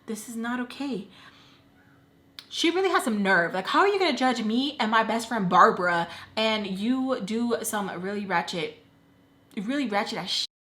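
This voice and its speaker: A young woman casually telling a long personal story, animated and slipping into voices for the people she quotes. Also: medium pitch, moderate pace. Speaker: storytime vlogger.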